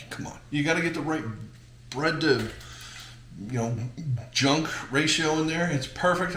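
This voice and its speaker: A man's voice: a little high, sharp tone, echoey room, slight background noise. A man hosting a casual cooking demonstration, chatty and jokey with rambling asides. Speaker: cooking channel host.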